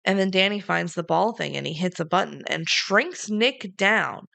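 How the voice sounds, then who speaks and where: A young woman co-hosting a podcast, casually recapping a movie and acting out the characters' lines with lively changes of voice. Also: fairly low pitch, normal speed, creaky, no room sound. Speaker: podcast co-host.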